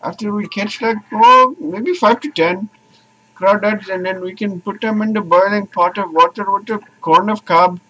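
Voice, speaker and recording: High-voiced playful man vlogging. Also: normal speed, sharp tone, rough recording. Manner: playful, sing-song repetition. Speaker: family vlogger. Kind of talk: casual vlog chat. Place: outdoors by a forest stream.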